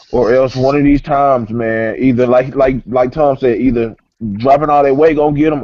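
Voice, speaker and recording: A man's voice: medium pitch, dark tone. A man giving casual boxing picks on a call, slangy and often asking if he's understood. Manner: slangy, keeps asking "you know what I'm saying". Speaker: co-host analyst. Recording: lo-fi online call with faint hiss.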